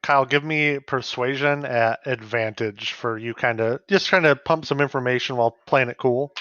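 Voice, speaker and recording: A man narrating as game master in a tabletop game, in a loose, halting way and laughing often. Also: mid-range voice, fairly bright tone, dry recording, muffled recording.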